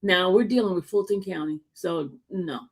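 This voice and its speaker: Woman, middle-aged, emphatic, stammering starts, casual debate, somewhat high pitch. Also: lively intonation, moderate pace. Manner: emphatic, stammers repeated "I" before points.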